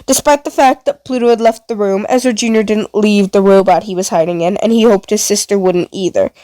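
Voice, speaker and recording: A woman narrating a story in a steady, plain reading voice. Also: medium pitch, a little fast, no echo.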